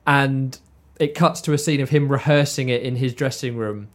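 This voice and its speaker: A man, chatting as podcast co-host and telling stories in a relaxed, chatty way. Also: mid-range voice, normal speed. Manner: chatty storyteller, often says like and obviously. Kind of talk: casual chat. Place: warm indoor room.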